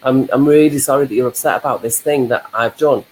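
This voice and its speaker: A woman's voice: a bass voice, fairly quick, darkish tone, slight background noise, poor audio. A woman co-hosting a casual live chat, who reflects and explains ideas through examples. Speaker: co-host, life coach.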